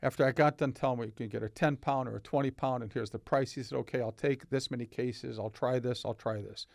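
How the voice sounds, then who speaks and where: Older man with a gravelly voice telling stories. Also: medium pitch, steady tone, quick pace, no room sound, clean studio sound. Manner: anecdotal, acts out dialogue in stories. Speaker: podcast guest, company founder. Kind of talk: casual storytelling. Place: podcast studio.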